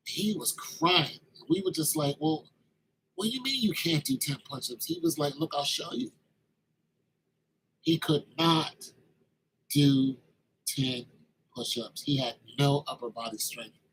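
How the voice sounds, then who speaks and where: A man in his late fifties telling a story from his army days in a casual, animated way, acting out the other people's lines. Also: a little high, unhurried, long pauses, slight background noise, rough recording. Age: 50s. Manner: animated, acts out quoted dialogue.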